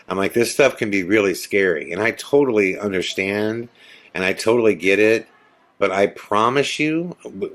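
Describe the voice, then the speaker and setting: A middle-aged man with a somewhat low voice hosts a podcast and tells a story in a loose, conversational way. He brings it to life by voicing each person's quoted lines as he goes. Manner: animated retelling, acting out others' quotes. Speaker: podcast host. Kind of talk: casual storytelling.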